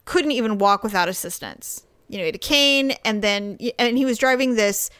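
Animated, higher-voiced woman telling a story. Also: moderate pace, clean tone, dry recording. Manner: animated, acts out quoted voices, laughs often. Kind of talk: casual storytelling chat.

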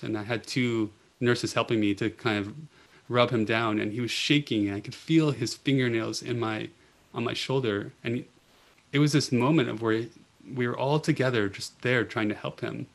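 Gravelly-voiced man telling nurse stories. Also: medium pitch. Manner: earnest, gentle, with frequent "you know" and restarts. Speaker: pediatric oncology nurse and author, guest. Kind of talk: reflective storytelling in a podcast interview.

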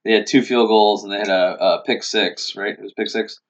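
A man with a somewhat low voice co-hosts a casual sports podcast, analysing games and pausing often to search for words. The audio is muffled and lo-fi. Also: fairly even intonation. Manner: hesitant, searching with uh and you know. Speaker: podcast co-host.

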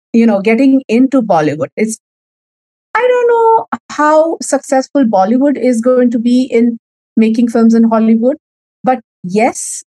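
A woman's voice: a little high, darkish tone, dry recording, rough recording. A woman with an Indian accent, a guest in a conversational interview, talking with many fillers and restarts.

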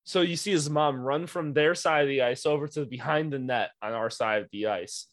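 A young man coaching youth hockey, telling a profane, animated story in casual podcast chat. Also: mid-range voice, moderate pace, no echo.

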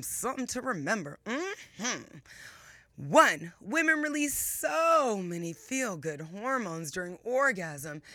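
Bright, sassy woman hosting live radio. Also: fairly high pitch, no echo, clean studio sound. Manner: playful, emphatic, laughing, with drawn-out words. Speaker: radio show host.

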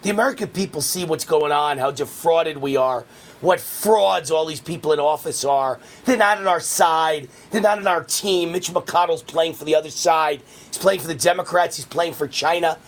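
A man hosting a political talk radio show, delivering a rapid, heated ranting monologue. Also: fairly high pitch.

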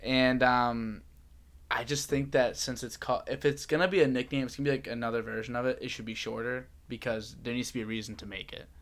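A man's voice: mid-range voice, fairly even intonation, fairly quick, fairly bright tone. A man from New England hosting a casual chat, rambling and joking and trailing off mid-sentence.

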